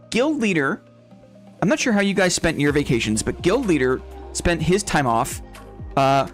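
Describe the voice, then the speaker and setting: Male streamer, fairly high voice, rambling casual chat, laughs a lot, faint music underneath. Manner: rambling, chatty, laughs often, keeps adding "right?". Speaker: game streamer. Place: home streaming setup.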